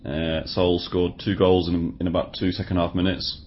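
A man's voice: low-pitched, flat delivery, normal speed, a little hiss or hum. A man co-hosting a casual football podcast, recapping results with dry, wry understatement. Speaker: podcast co-host. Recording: dull lo-fi podcast audio.

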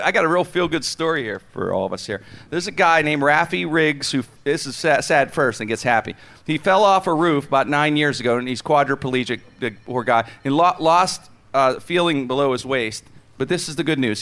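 A man hosting a comedy show, talking in an excitable, rambling way with lots of restarts. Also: on the high side. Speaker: host. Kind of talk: comedy radio show banter.

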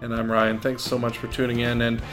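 A man's voice: medium pitch, monotone, brisk, a bit bright, faint music behind. A man co-hosting a podcast, chatting casually and joking around about TV shows. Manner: joking, laid-back banter. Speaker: podcast co-host. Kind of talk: casual chat.

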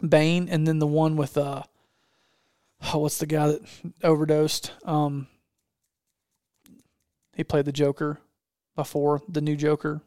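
A man's voice: on the high side, monotone, unhurried, pauses often, warm tone, clear, resonant tone, dry recording, clean studio sound. A man hosting a casual chat, talking with enthusiasm and often restarting his sentences. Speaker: podcast host.

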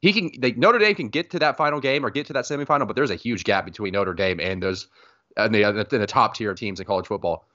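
A man's voice: lowish voice, fast talker, pushed and bright, dull audio. A man co-hosting a podcast, chatting loosely about college football with jokes and lots of fillers. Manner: loose, joking, many fillers. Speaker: podcast co-host. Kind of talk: casual sports chat.

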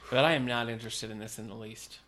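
A man's voice: lowish voice, steady tone, quick pace, fairly bright tone. A man co-hosting a casual chat, answering with dry, sarcastic quips. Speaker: podcast co-host.

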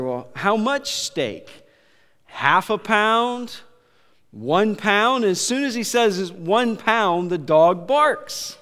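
Halting pastor preaching in a reverberant hall. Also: male voice, sits high. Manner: casual, halting delivery with many fillers and restarts. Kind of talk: sermon.

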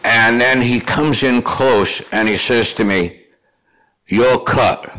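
A man's voice: mid-range voice, measured pace, pushed and bright. An older man from Canada, a guest telling long rambling anecdotes with restarts and chuckles. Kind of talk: conversational storytelling.

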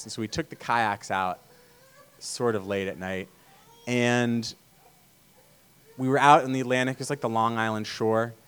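A man giving a casual sermon talk, telling stories easily and pausing on fillers. His voice sits low and comes through smooth and resonant. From Vermont, USA. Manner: relaxed, storytelling, many fillers. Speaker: church speaker.

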